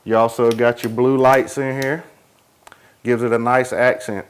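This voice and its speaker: A man's voice: medium pitch, level tone, a little slow, clean tone. A man walking viewers around and inside a cargo trailer, listing its features in an easygoing, matter-of-fact way. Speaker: trailer salesman giving a product walkthrough. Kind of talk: casual product tour.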